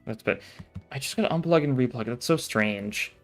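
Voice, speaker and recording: A man chatting casually while he streams a game, his sentences rambling and full of filler. His voice sits at an ordinary middle pitch. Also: brisk, soft background music. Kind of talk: casual let's-play commentary.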